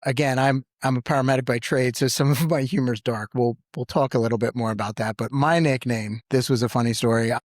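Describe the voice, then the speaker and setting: A man, a paramedic co-hosting a podcast, telling a story with lively jumps in pitch when he quotes people. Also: a little fast, hardly any pauses, dry recording, studio quality. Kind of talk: storytelling in casual podcast chat.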